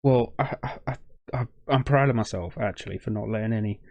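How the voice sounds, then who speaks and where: A man's voice: mid-range voice, brisk, darkish tone, dry recording. A young man hosting a reaction video, choked up with a shaking voice, rambling and stumbling over his words in casual commentary.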